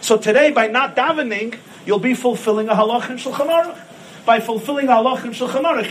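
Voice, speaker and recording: Impassioned preaching man, high voice. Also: expressive, brisk, a little hiss or hum, poor audio. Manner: impassioned, rising to shouts on key points. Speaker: rabbi. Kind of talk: sermon with storytelling.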